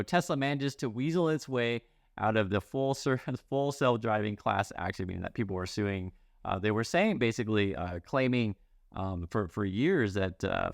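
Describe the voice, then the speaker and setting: A man's voice: fairly low pitch, gravelly, dry recording, studio quality. A middle-aged man hosting casual news commentary, chatty and wry, with many fillers and restarts.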